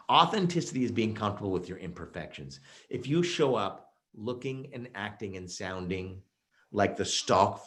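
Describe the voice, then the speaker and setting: A keynote speaker with a fairly low male voice presents a virtual keynote to an online audience. He tells stories energetically and with emphasis, often using fillers and restarting sentences.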